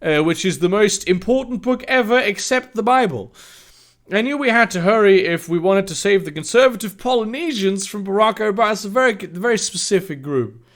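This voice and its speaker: A man's voice: high voice, lively intonation, brisk, fairly bright tone. A man doing a mocking comedic reading of fan fiction, breaking off for sarcastic, incredulous asides. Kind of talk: mocking dramatic reading with commentary.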